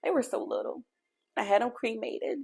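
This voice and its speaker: A woman's voice: on the high side, normal speed, gravelly, darkish tone, breathy edge. Earnest woman sharing a faith testimony. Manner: earnest, heartfelt storytelling; addresses listeners directly. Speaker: podcast host.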